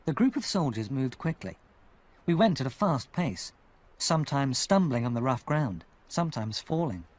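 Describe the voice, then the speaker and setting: Expressive man reading an audiobook. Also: medium pitch, moderate pace. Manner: expressive, lively storytelling. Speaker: audiobook reader. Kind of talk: scripted audiobook narration.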